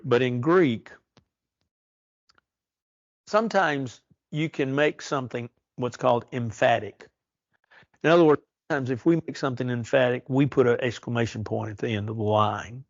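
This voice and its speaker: A man teaching a church Bible study, earnest and slow on the verses he stresses. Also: medium pitch, no room sound, highs cut off. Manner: earnest, reads verses slowly and emphatically.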